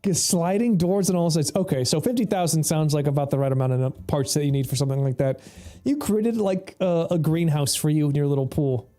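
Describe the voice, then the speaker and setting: Casting: a mellow-voiced, slightly high man as a chatty, foul-mouthed game streamer. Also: a little fast, few pauses, faint music behind. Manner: rambling, laughs often, swears freely. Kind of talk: casual gameplay commentary.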